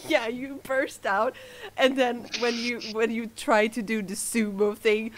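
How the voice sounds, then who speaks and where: A woman running a tabletop game as game master, talking in a halting way with many fillers and frequent laughter. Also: fairly high pitch, little pitch movement.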